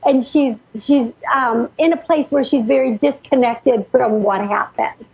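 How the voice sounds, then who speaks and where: A woman psychic medium hosting a call-in radio show, relaying messages in a rushed, breathless way full of restarts. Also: a little high, gravelly, darkish tone, slightly rough, highs cut off.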